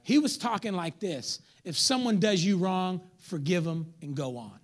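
With a high voice at normal speed, a pastor delivers a lively church sermon. He preaches in an animated style, joking with the crowd and acting out the people listening.

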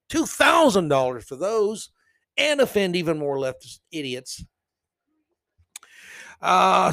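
A man's voice: on the high side, creaky, a bit bright, dry recording. Sarcastic man reading news aloud. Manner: mocking, sarcastic asides, snorting laughs. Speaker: podcast host.

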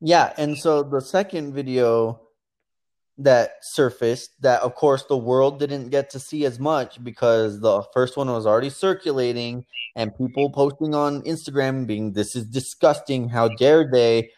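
A man's voice: mid-range voice, measured pace. A man co-hosting a casual talk show, telling a story and acting out quotes as he goes. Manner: animated storytelling, acts out quotes. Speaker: podcast co-host. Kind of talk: casual commentary chat.

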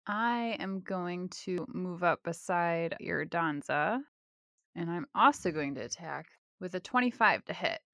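A woman's voice: fairly low pitch, lively intonation, unhurried, creaky, pushed and bright, no room sound, clean studio sound. A woman playing in a tabletop game, calling out her moves and rolls in a matter-of-fact way. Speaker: player. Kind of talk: casual game table talk.

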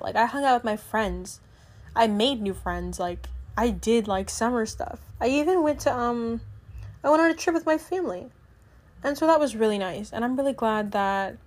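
A teenage girl vlogging in casual chat, rambling and filler-heavy, often trailing off and restarting her sentences. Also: on the high side. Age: teens. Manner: self-correcting, trails off and restarts.

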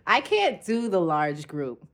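A woman's voice: lowish voice, huge pitch swings, slow, fairly bright tone. A woman in casual group conversation who jokes, laughs often and acts out quotes.

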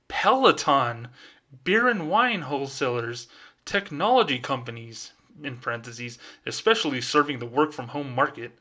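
A man's voice: mid-range voice, bright, forceful tone, heavily acted. A man putting on a polished, formal professional voice to play a corporate bank executive reading out a letter.

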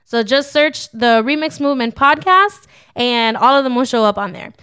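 This young woman, co-hosting a laid-back faith podcast, has a high, smooth voice with a sharp tone and moderate pace. She laughs a lot and stays upbeat, with a slightly preachy streak.

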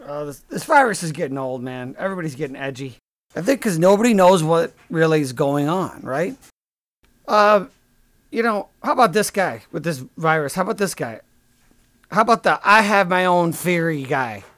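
Male comic host: high-pitched, sarcastic, crude rambling rants, dry close sound. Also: very animated, moderate pace, no room sound. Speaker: podcast host. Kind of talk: comedic rant.

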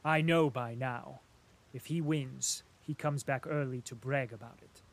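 A roguish army orderly talks in a low, wry, matter-of-fact way, as a male narrator puts him on. He sounds knowing and unhurried in a storybook reading. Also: steady tone, creaky. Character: sly soldier orderly, man, roguish.

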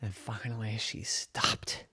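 A storyteller telling a children's bedtime story in a playful, sing-song, animated way. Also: medium pitch, slow pace, husky, no echo, studio quality.

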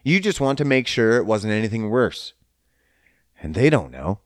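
A man's voice: lowish voice, big pitch swings, moderate pace, dry recording, clean studio sound. A man in a casual, profane rant who swears often and slips into mocking voices. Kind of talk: casual ranting monologue.

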